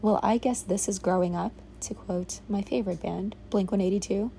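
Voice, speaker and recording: A woman's voice: medium pitch, steady tone, normal speed, vocal fry, mellow, slight background noise. A woman in her thirties rambling candidly in a reflective casual monologue, swearing freely and saying "like" a lot. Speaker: vlogger. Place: on a boat in a small village.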